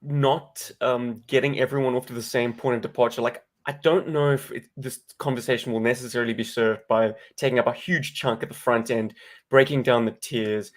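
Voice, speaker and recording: A man's voice: medium pitch, fairly even intonation, a little fast. Articulate man co-hosting. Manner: articulate, wordy, presenter-like. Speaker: podcast co-host. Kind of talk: casual live-stream chat.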